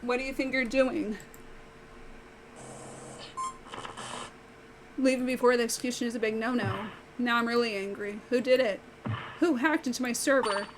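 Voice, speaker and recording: A woman's voice: a little high, fairly quick, noisy background, close to an everyday voice. A woman voicing a gloating male villain who runs a deadly game, mocking and cruel, over game music. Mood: angry. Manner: taunting, mocking.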